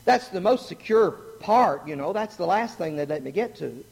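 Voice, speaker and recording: A middle-aged man preaching a sermon, animated and joking, asking the congregation questions. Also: high voice, normal speed, creaky, husky. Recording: long hall reverb.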